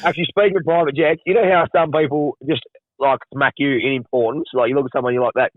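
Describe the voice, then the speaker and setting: Fast-talking Australian man, crude banter. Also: mid-range voice, fairly even intonation, dry recording, phone-quality sound. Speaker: podcast host. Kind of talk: casual podcast chat.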